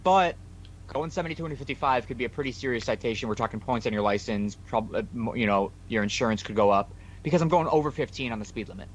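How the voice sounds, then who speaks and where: Man, casual podcast chat, mid-pitched voice, lively storyteller, faint hum behind. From New York. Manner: animated retelling with quoted dialogue. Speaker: podcast co-host.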